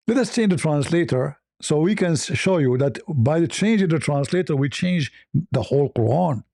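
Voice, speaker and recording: A man's voice: fairly high pitch, animated, normal speed, gravelly, mellow, dry recording, studio quality. A man hosting an online debate show, talking in a sarcastic, challenging way and firing rhetorical questions. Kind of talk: polemical commentary.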